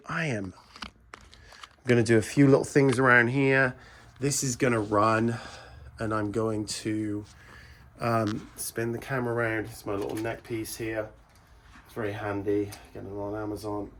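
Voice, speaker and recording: An English man with a mid-pitched voice runs a casual vlog from his own shop late at night. He talks bluntly and chattily, slipping into ranting asides as he works. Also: fairly bright tone, a little hiss or hum. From England. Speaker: video transfer shop owner.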